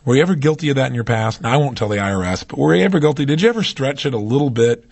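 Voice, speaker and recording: A man giving a motivational seminar talk, animated and full of rhetorical questions to his audience. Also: medium pitch, racing, vocal fry. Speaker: motivational speaker.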